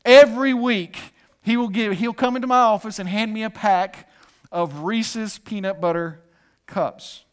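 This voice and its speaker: A man's voice: high-pitched, unhurried, smooth. A male pastor preaching a sermon, calling on the congregation to repeat after him and joking between points. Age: adult with a son. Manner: preaching with call-and-response and humor.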